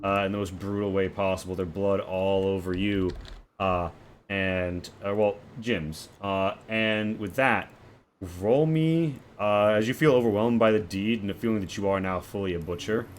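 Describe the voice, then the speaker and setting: A man's voice: lowish voice, fairly even intonation, normal speed, slight background noise. A man narrating as game master, describing scenes in vivid, crude, rambling detail.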